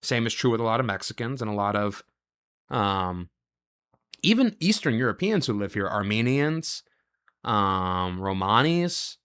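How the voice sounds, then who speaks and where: A male show host delivering a reaction monologue, asking rapid rhetorical questions and running through long lists of ideas. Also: fairly low pitch, sing-song, fairly bright tone, clean tone.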